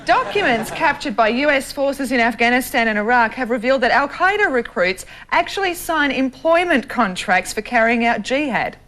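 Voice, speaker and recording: A woman's voice: high voice, expressive, moderate pace, hardly any pauses, a bit bright. A woman presenting a satirical news segment in a mock-serious tone.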